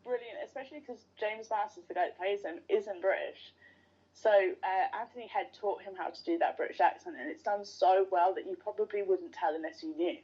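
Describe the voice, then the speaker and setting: A woman's voice: mid-range voice, a little fast, mellow, breathy edge. A woman guest on a podcast, chatting casually and enthusiastically like a fan. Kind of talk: casual interview chat. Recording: dull lo-fi sound.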